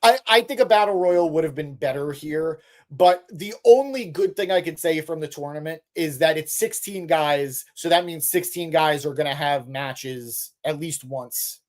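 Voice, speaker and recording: A man with a slightly raised pitch co-hosts a casual live stream. He reads viewer comments aloud and answers them off the cuff, with joking swears. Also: moderate pace, hardly any pauses. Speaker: podcast co-host reading live chat.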